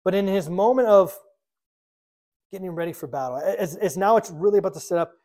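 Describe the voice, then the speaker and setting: A man's voice: sits high, brisk, mellow. A man preaching a sermon, reading scripture aloud and explaining it, acting out the quotes in a casual modern voice. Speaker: pastor.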